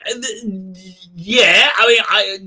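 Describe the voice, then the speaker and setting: A man's voice: high voice, slow, pushed and bright, husky. A man hosting a casual live stream, talking in a rambling, sardonic way with many restarts.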